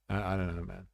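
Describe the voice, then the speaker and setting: Male streamer, low and gravelly, blunt and sweary, reading chat in a dry close-miked sound. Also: no room sound, narrow, tinny audio. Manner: blunt, swears freely, chatty with many "like" fillers. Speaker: livestream host. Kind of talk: casual livestream chat, reading viewer comments.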